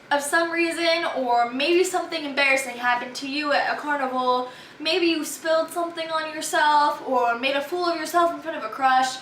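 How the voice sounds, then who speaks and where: A teenage girl with a high, bright voice rambles through a storytime vlog, chatty and exasperated. She sounds set back from the mic in a roomy, echoey space with a faint hiss behind her. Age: teens. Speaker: vlogger. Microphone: camera held by a friend. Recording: echoey room from far off.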